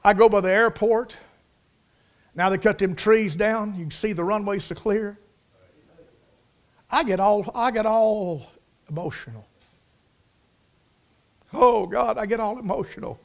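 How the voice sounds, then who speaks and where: A middle-aged man preaching a sermon in a folksy, emotional way, repeating words for emphasis and swinging from hushed to loud and fervent. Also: sits high, a little slow, gravelly, pauses often.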